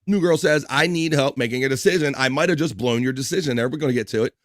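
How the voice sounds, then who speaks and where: A man's voice: medium pitch, dry recording, studio quality. A man hosting a livestream, reading out and teasing chat comments in a hyped, joking way. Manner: hyped, teasing, quick shout-outs. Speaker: livestream host.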